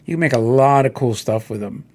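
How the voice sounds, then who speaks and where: A man's voice: medium pitch, brisk. A middle-aged man hosting a casual solo chat, rambling and telling stories while he browses toy listings. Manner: rambling, animated storytelling with quoted voices. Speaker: host.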